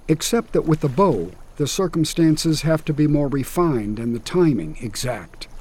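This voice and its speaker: A man giving a scripted first-person narration in a measured, matter-of-fact way. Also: on the high side, dark tone.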